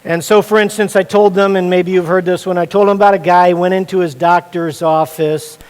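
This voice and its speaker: Preaching with jokes, stories, and frequent questions to his listeners, this Indiana pastor keeps a conversational sermon going a little fast. His voice sits fairly high, with a steady, darkish tone, and everything echoes with the long reverb of a large hall.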